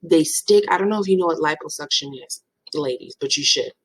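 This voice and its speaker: A young woman in her twenties telling a storytime in casual chat, animated and dramatic. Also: fairly quick, slightly rough, dry recording, low-quality recording. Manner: animated, dramatic, swings into playful high voices for quotes. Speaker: vlogger.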